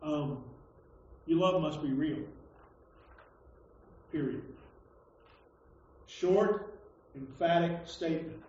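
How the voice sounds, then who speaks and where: A pastor preaching a conversational sermon, stumbling over and repeating words, then landing emphatic points. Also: male voice, on the high side, extremely slow, pauses often, darkish tone, recorded from a distance. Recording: echoey hall, dull lo-fi sound.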